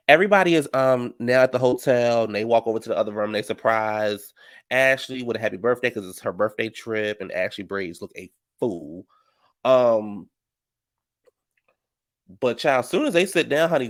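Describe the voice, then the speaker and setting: Casting note: male recap commentator, sassy and gossipy, AAVE, mid-pitched, dry close sound. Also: dry recording. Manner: sassy, gossipy, animated storytelling with "honey" and "child".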